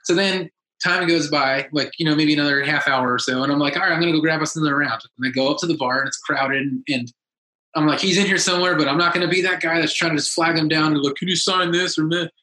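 A man telling a story in casual chat, lively and acting out the quotes of others in a raised voice. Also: a little high, quick pace. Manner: animated, acts out quotes in a raised voice. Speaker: podcast guest, musician. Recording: echoey room.

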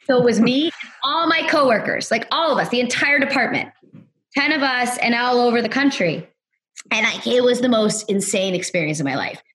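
Her voice sits fairly high, husky yet fairly bright, with lively intonation at a normal speed. As a guest on a podcast interview she rambles casually through a story, filling it with "like" and acting out other people's words in quoted voices.

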